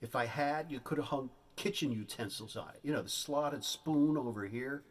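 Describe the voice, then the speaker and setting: A man telling a comic story on stage, with an animated, exaggerated delivery. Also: mid-range voice, normal speed. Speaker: stand-up comedian. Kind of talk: stand-up storytelling.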